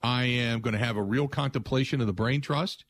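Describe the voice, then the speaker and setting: A man's voice: medium pitch, fairly quick. A man hosting sports talk radio, delivering a blunt, emphatic opinion monologue with frequent restarts.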